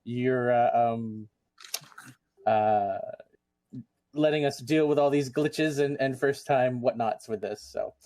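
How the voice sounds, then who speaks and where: Casting: mid-pitched man, rambling panel host, dry close mic. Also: slow pace, long pauses, a little mellow, no echo. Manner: rambling, full of ums and restarts. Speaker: convention chair, panel host. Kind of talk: casual panel hosting.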